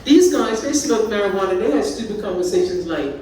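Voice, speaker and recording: A woman's voice: medium pitch, a little fast, crowd noise. Bermudian woman in her sixties doing stand-up. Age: 60s. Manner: chatty, animated, breaks into laughs. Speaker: stand-up comedian. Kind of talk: live stand-up storytelling. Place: party venue with a live audience. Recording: echoey room, mic from far off, audience laughter.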